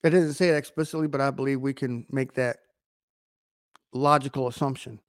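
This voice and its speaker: A man's voice: medium pitch, steady tone, a little fast, no echo, studio quality. A man preaching a sermon, emphatic, often restarting his phrases.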